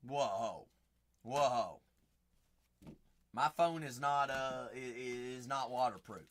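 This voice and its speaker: A man hosting a live card break, excitable and joking, breaking into sudden shouts, tired after a long stream. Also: mid-range voice, takes it slowly. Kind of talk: live-stream commentary while opening packs.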